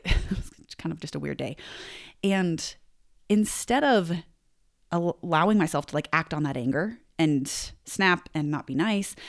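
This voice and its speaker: A young adult woman giving a conversational self-help talk, reflective and acting out bits of inner dialogue. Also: on the low side.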